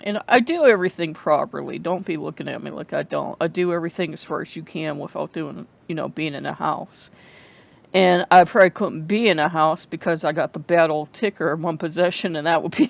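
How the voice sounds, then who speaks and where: A person talks candidly to camera, rambling and often breaking off mid-thought with a laugh. The voice is gravelly and sits mid-range. The recording is dull and lo-fi. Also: mid-range voice, dry recording. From United States. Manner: candid and emotional. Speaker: book vlogger. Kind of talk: casual talk to camera.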